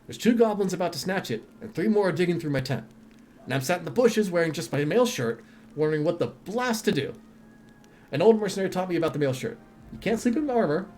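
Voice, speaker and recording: A man's voice: fairly high pitch, darkish tone, a little hiss or hum, natural voice. A man voicing a boastful, cheeky young female paladin telling a camp story.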